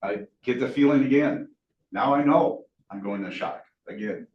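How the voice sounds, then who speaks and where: A man's voice: mid-range voice, normal speed, muffled recording. A man speaking to a meeting audience, telling a survival story earnestly, with bursts of self-deprecating humor. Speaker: guest speaker. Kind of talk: motivational storytelling talk. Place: meeting room. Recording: echoey room, distant mic, faint hiss.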